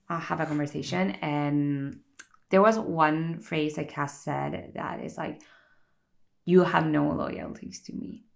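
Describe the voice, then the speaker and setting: A woman chatting in a relaxed get-ready-with-me vlog, her voice sitting low with heavy vocal fry. She talks in a chatty, animated way, full of "like" fillers. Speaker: vlogger. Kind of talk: casual get-ready-with-me chat.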